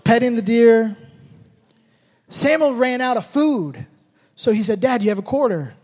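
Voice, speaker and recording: A man with an unusually high voice tells a story about his family, acting out each beat with shouted sound effects. His words ring out with the long reverb of a large hall. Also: a little slow. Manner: animated, acts out the moments with shouted sound effects. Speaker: father telling a personal story. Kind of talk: storytelling talk with a life lesson.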